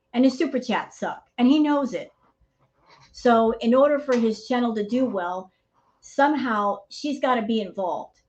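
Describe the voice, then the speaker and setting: A woman's voice: on the high side, darkish tone. Woman host, heated commentary, ranting, dull lo-fi sound. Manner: fired up, ranting, addresses viewers as y'all. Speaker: reaction channel host.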